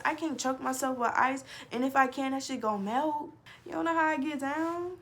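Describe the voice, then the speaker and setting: A young adult woman telling a storytime on her vlog, animated and profane, swinging between loud outbursts and low mutters. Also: a little slow, creaky. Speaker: vlogger. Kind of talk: casual storytime.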